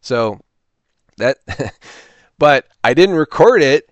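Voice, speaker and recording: A man hosting a reseller channel, chatting casually and telling a rambling, animated story with quoted voices. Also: mid-range voice, slow pace, dry recording. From Illinois, US. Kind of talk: casual talking-to-camera vlog.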